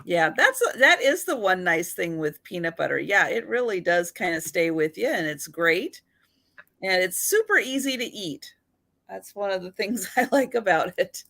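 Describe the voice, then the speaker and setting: Hosting a live-stream photo sale, this woman chats and giggles, laughing between remarks. Her voice sits fairly low and is very animated, with a moderate pace, vocal fry and a slightly bright quality.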